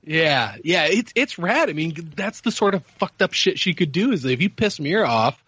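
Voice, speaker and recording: A man's voice: on the high side, big pitch swings, normal speed, pushed and bright, breathy edge, dry recording, muffled recording. A man in laid-back, amused podcast chat, describing scenes with easy humor. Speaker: podcast roundtable guest. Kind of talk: casual chat.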